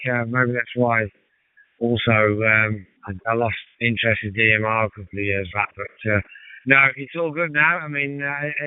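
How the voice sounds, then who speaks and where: A man with a Birmingham accent chatting relaxed on a ham radio net, with many fillers. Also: medium pitch, smooth, no echo. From England. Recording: tinny radio transmission, dry.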